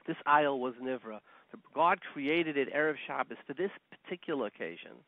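A man's voice: medium pitch, animated, normal speed, dry recording. A man, a rabbi giving a Torah lecture, telling stories animatedly and weaving in Hebrew and Yiddish terms. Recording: tinny phone-line sound, dry.

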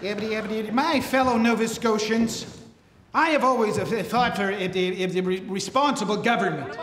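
A man's voice: high voice, moderate pace, lightly acted. A man playing a blustering, stammering politician from the 1800s giving a pompous speech. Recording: echoey hall with crowd.

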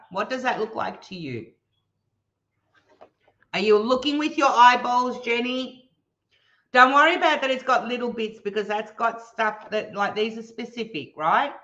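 An Australian woman talks through a casual live stream, teasing her viewers and laughing often. Her voice is bright and sharp. The stream audio sounds somewhat dull and lo-fi. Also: a little high. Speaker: livestream host reading chat.

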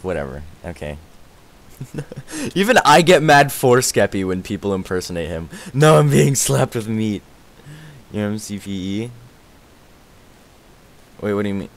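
Male game streamer, lowish voice, very bouncy delivery, rambling and chat-reading live. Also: measured pace, long pauses. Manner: excitable, rambling, thanks viewers and answers chat aloud. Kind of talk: live gaming stream chatter.

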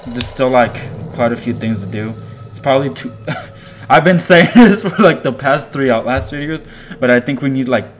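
A man's voice: medium pitch, background noise. A man hosting a horror game let's-play, nervously joking and pleading with the game in casual commentary. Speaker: gaming channel host.

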